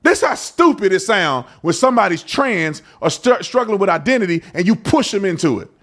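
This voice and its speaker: Male podcast host, preachy and colloquial, high lively voice, opinionated commentary. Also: a little fast. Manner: preachy, colloquial, mocking impressions.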